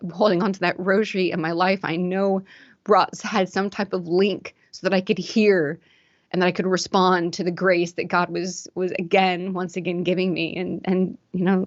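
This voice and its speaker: A woman's voice: on the low side, no room sound, highs cut off. A woman in her forties, a podcast guest, giving an earnest and emotional personal testimony with many fillers.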